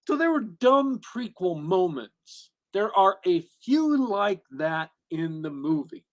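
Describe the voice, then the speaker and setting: A man's voice: high voice, big pitch swings, slow pace, few pauses. A man co-hosting a podcast, reviewing a movie in casual chat. He rambles with many restarts and fillers and gets emphatic when he gives his opinions. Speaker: podcast co-host.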